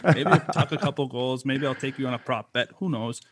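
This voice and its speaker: A man's voice: mid-range voice, brisk, slight background noise. A man talking playfully as a guest in a casual podcast chat. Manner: amused, playful.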